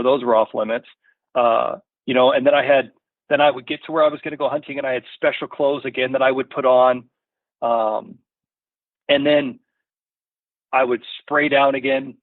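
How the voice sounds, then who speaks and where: A man's voice: mid-range voice, no echo. A man telling a story as a podcast guest, rambling and checking in with "you know" and "right?" all the time. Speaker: podcast guest from a hunting gear company. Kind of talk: casual storytelling in an interview. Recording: tinny phone-line sound.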